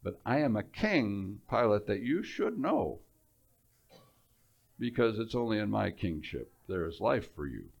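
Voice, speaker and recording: Man doing a quiet, steady king, speaking low and slow. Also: vocal fry, lo-fi sound, exaggerated voice. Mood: quietly assured. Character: calm male king, quietly assured.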